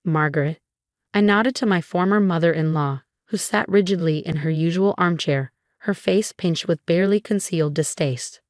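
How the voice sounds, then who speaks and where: Low-voiced woman narrating a revenge story. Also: moderate pace, hardly any pauses, darkish tone, no echo, clean studio sound. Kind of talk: scripted first-person story narration.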